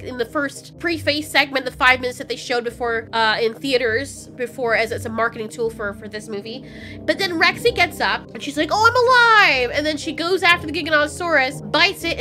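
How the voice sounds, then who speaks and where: A woman giving a casual, animated spoken film review, ranting, swearing and a bit stuffy from a cold. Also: high-pitched. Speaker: movie reviewer.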